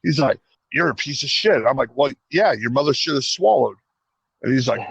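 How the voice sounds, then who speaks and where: Gravelly-voiced man telling a rowdy story. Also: mid-range voice, moderate pace, no echo, poor audio. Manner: profane, animated retelling with acted-out quotes. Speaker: podcast co-host. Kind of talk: casual storytelling.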